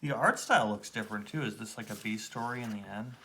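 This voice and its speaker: A man's voice: lowish voice, fast talker, sharp tone. A man co-hosting a podcast, reading comic captions aloud and tossing in offhand comments. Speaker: podcast co-host. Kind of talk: casual chat about comics.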